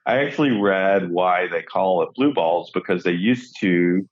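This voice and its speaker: A man with a fairly low voice co-hosts a casual podcast and tells rambling, joking stories full of false starts. His recording sounds dull and muffled, with the highs missing. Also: measured pace. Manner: rambling, jokey storytelling with many restarts. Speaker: podcast co-host. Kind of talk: casual comedic chat.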